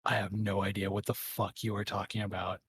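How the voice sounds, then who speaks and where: A man voicing a fanged male captive creature that taunts slowly and menacingly. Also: medium pitch, steady tone, a bit bright, breathy edge, dry recording. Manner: slow, gloating menace.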